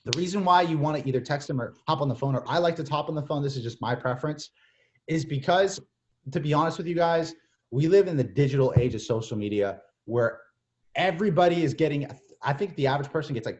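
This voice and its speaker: A young man giving casual, energetic coaching as a mentor, slipping into playful acted-out phone chats with lots of "like" and "bro". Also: fairly high pitch, fast. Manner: energetic, repeats "like" and "bro", acts out texts and calls. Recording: slightly dull lo-fi audio.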